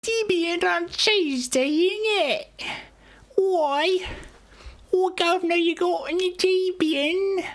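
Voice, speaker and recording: A woman's voice: extremely high pitch, slow pace, voice pushed up, heavily acted. A woman streamer putting on an exaggerated, sing-song mock British accent as a cheeky bloke. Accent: put-on British.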